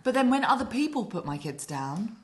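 A woman's voice: on the high side, a little fast. A woman in her thirties co-hosting a podcast, telling stories animatedly and swearing as she goes. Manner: animated storyteller, swears, acts out quotes. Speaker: podcast co-host. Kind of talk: casual chat.

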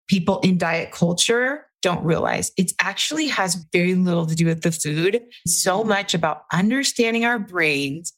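Animated woman sharing her experience. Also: medium pitch. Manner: animated, earnest storyteller. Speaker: panel guest, coaching client. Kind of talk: casual panel podcast chat.

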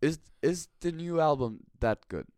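A man joins a casual podcast chat and asks short follow-up questions. His pitch moves around a lot. The recording is dry. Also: expressive, a little slow, a little mellow, no echo. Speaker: podcast co-host.

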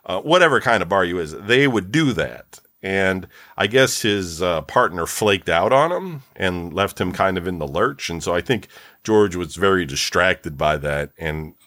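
A man co-hosting a podcast, talking slowly in casual chat and rambling with plenty of fillers. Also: low-pitched, animated, pushed and bright, no room sound. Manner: slow, rambling, with many fillers. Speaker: podcast co-host.

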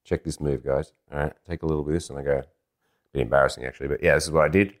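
A man with a very low voice tells a personal story as a dating coach. He is animated and self-deprecating, slipping into bits of acted-out dialogue. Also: rapid-fire. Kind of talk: anecdotal storytelling.

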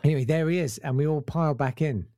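A man's voice: fairly high pitch, fast, dark tone, dry recording, clean studio sound. A man who tells a comic story in casual chat and acts out the voices.

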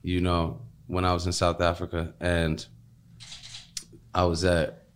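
A man's voice: sits low, monotone, measured pace, slight background noise. A man talking in a loose, rambling casual chat, full of fillers and repeats. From Chicago.

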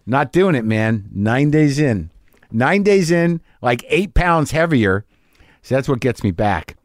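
A man's voice: medium pitch, big pitch swings, slow, no room sound, studio quality. A man giving a rambling, self-deprecating confessional monologue as a podcast host.

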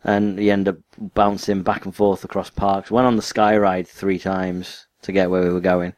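A young man with a northwest English accent from near Liverpool chats loosely on a podcast, tumbling through self-mocking stories. His voice sits on the low side. The recording is close and dry, with no room sound. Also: little pitch movement, moderate pace, darkish tone, no echo. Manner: rambling, self-mocking banter. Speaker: podcast co-host. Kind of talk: casual chat.

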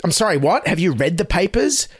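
A man's voice: high voice, very animated, fairly quick, breathy edge, no echo, studio quality. A man hosting a satirical news comedy show, mocking the coverage with sarcastic, exaggerated incredulity.

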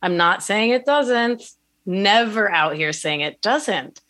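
A woman guest on a podcast, talking in an animated way about mindfulness and often asking "right?". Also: medium pitch, slow. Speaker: podcast guest, wellness coach. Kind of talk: conversational interview.

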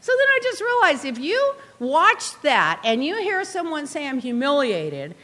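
A woman in a casual chat, telling a story in an animated, indignant way with quick asides. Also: high voice. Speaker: guest recounting reality show events.

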